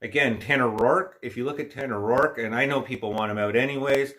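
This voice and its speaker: A man's voice: mid-range voice, a little fast, a bit bright. Man, livestream host, casual chat, rambling, opinionated, stuffy nose.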